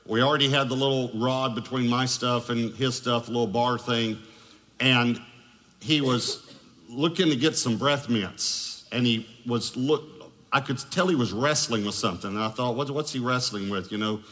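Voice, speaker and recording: A pastor preaching to his congregation, with a middle-pitched voice. He tells stories with quick joking asides, and his voice carries a long reverb off a large hall. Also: a bit bright. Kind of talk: sermon. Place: large church auditorium.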